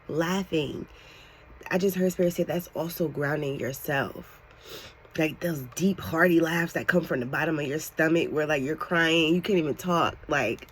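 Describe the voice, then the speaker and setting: A woman giving a channeled tarot reading to her viewers, excitable and animated, talking casually with lots of slang and "like". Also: deep voice, slight background noise. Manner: excitable, animated, fills talk with "like". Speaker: tarot reader.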